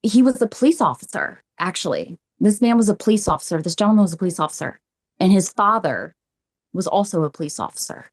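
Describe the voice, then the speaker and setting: Speaking fast in a medium-pitched voice, a female psychic medium recounts stories during a podcast interview. She acts out what people said with lively energy, repeating phrases along the way.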